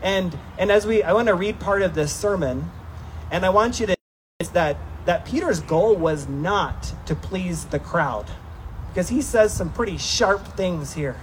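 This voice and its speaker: High-voiced pastor preaching emphatically. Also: male voice, lively intonation, slight background noise, poor audio. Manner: emphatic preaching, slowing for scripture, acting out voices. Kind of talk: sermon.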